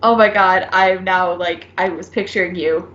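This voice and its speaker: A young woman co-hosting a casual drama discussion, relaxed and full of filler words. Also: fairly low pitch, moderate pace, reverberant, lo-fi sound. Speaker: co-host of a drama discussion channel. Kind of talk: casual chat.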